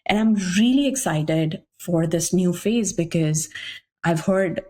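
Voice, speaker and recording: A pregnant woman from India, a guest on a podcast, telling stories in a lively way and acting out her own past remarks. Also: lowish voice, slow. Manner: animated storyteller, often acting out remarks she once made. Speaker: guest entrepreneur. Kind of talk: casual podcast chat.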